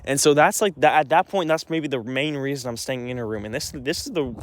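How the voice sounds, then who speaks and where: A man's voice: mid-range voice, a little fast. A young man telling a personal story in an agitated, rambling way, full of restarts and swearing. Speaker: vlogger.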